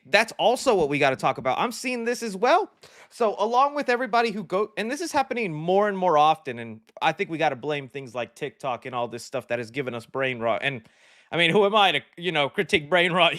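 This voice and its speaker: A young man chats through viewer comments on a live movie stream, laughing easily and swinging his pitch around as he gets excited. His voice sits high for a man. The sound is dry and close, with no room around it. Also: no room sound. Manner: excitable, laughs often, animated shifts in pitch. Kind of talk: casual live-stream chat reading comments.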